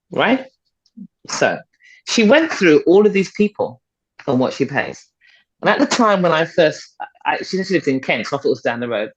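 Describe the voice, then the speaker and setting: A middle-aged woman with a husky, low-sitting voice speaks as a podcast guest. As a fitness and confidence coach, she gives motivational, conversational talk, emphatic and persuasive, repeating points to drive them home. The audio is dull and slightly lo-fi.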